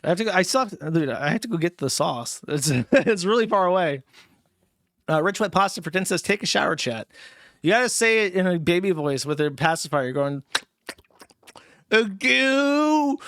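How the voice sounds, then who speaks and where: Guy streamer ranting n swearing, kinda high voice, dry sound. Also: animated, fairly quick, fairly bright tone, no echo. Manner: profane, mocking, ranting. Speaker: livestream host reading donations. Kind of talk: casual livestream rant.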